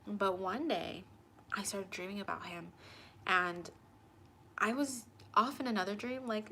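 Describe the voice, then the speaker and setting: A young woman talks straight to camera, telling a personal story in a loose, chatty way. She acts out the back-and-forth of conversations. Her voice sits at a middle pitch over a faint background hiss. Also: normal speed. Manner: animated, acts out both sides of conversations. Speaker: tarot channel host.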